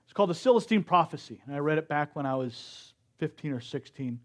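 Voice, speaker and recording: A middle-aged man giving a slow, earnest sermon at a spiritual service, sometimes acting out quotes. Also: on the high side, lively intonation. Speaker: speaker at a spiritual center service.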